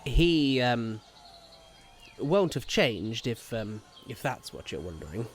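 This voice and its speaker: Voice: medium pitch, very animated, takes it slowly, pitched below the performer's own voice. A game master voicing a grumpy, impatient old woman deity who talks in a dry, sarcastic way during tabletop role-play.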